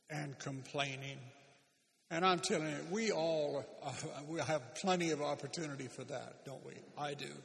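A man preaching a sermon as a pastor, animated and emphatic, with sudden loud bursts and speech. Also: on the high side, vocal fry. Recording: long hall reverb.

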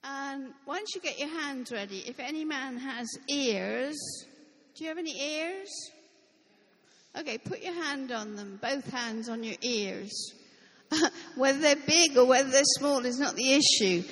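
A woman preacher delivers a sermon in a high voice, leaning on her words slowly and emphatically. She drops in light joking asides between points. Her voice carries a long reverb, as if in a big hall. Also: expressive, a bit bright.

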